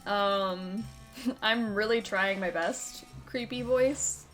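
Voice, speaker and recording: A woman's voice: mid-range voice, drawn-out words, fairly bright tone, soft background music. Chatty giggly woman gaming commentary. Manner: chatty, giggly, reads instructions aloud. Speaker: video game let's-play host. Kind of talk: casual gameplay commentary.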